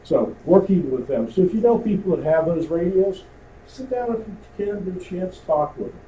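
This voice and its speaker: A man's voice: sits high, animated, moderate pace, mellow. A man teaching a radio communications class at a club meeting, talking conversationally and quizzing the room. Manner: conversational, asks the room questions. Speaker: amateur radio instructor. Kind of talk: classroom lecture with audience questions. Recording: roomy, distant, faint hiss.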